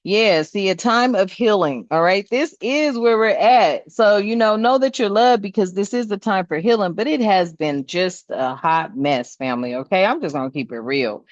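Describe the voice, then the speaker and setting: A woman gives a tarot reading in a casual chat, laughing a lot and swearing freely in slangy language. Her mid-range voice is expressive and moves at a normal speed with hardly any pauses. There's no room sound, though the recording is dull and slightly lo-fi.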